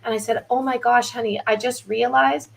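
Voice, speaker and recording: Earnest woman chatting on a livestream, higher voice, a bit of noise behind her. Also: fairly even intonation, normal speed, gravelly, low-quality recording. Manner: earnest, tells personal parenting stories. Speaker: guest on a live-streamed talk show. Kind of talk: casual conversation. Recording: faint background noise.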